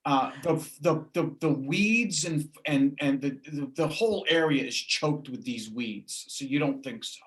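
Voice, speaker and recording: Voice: medium pitch, measured pace, few pauses. A game master narrating a tabletop game and describing the scene plainly.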